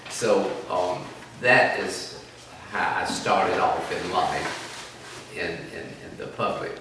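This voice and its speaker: A man's voice: low-pitched, slow pace. An older man from telling rambling, folksy stories about his childhood. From South Carolina, US. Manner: rambling, folksy, self-deprecating. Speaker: oral history interviewee. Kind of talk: reminiscing storytelling. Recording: echoey room, distant mic, noisy background.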